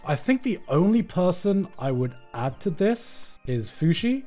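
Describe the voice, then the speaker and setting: A man streaming live, reacting to anime award nominations in an emphatic, swearing, animated commentary. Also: high-pitched, a little slow, few pauses, faint music behind.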